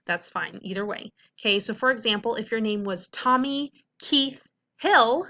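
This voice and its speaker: Bright, upbeat woman teacher. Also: fairly high pitch, slight background noise. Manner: upbeat, checks in with frequent "okay?"; slows to sound out words carefully. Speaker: reading teacher. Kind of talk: classroom video lesson.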